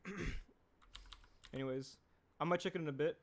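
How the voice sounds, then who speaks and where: A young man with a fairly high voice livestreams while he animates, chatting casually at a moderate pace. He rambles, reads the chat aloud, and keeps clearing his tickly throat.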